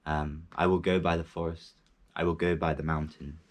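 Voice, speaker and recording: A man talking casually to camera about a poem, halting often with fillers and restarts, and reciting it in French with an English speaker's accent. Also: a bass voice, flat delivery. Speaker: language learner reciting poetry.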